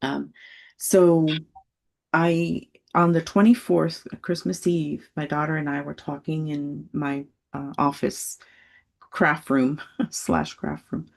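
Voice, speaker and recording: A woman in her sixties telling a personal story on a video call, animated and laughing often as she acts out voices. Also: low voice, takes it slowly, creaky. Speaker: study group member.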